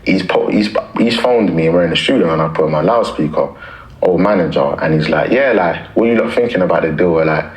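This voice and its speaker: A man's voice: deep voice, quick pace, roomy sound, poor audio. A man, a rapper telling a story in casual, slangy talk. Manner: animated, slangy anecdote-telling. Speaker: rapper guest.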